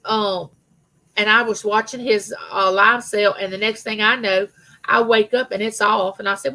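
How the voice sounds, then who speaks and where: A woman's voice: mid-range voice, steady tone, moderate pace, creaky, sharp tone, poor audio. A middle-aged woman hosting a casual live chat with her viewers, telling rambling personal stories. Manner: chatty, rambling storyteller, greets viewers by name. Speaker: livestream host.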